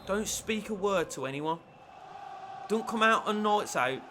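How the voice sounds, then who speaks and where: A man commentating on his own football video game play, shifting between low muttering and shouted excitement. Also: measured pace, noisy background. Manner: lively, swings from low mutters to shouted celebrations. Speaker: gaming YouTuber.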